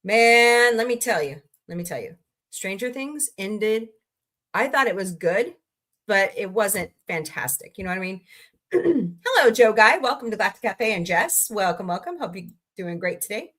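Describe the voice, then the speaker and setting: A woman's voice: medium pitch, sing-song, moderate pace, a bit bright. A woman hosting a casual livestream, greeting viewers by name and ranting about entertainment news. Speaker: livestream host. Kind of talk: casual chat with live chat readers.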